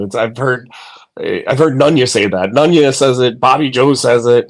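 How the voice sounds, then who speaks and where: A man's voice: mid-range voice, normal speed, gravelly. A man chatting casually on a phone from bed, rambling with lots of fillers, swearing and laughing. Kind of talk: casual online chat.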